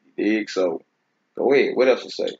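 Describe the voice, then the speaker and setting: A man's voice: lowish voice, a little fast, gravelly, a little mellow, slightly rough. A man hosting a casual Bible teaching talk, speaking in a laid-back, conversational way and often checking "you see what I'm saying?". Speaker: host teaching scripture. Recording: dull lo-fi recording.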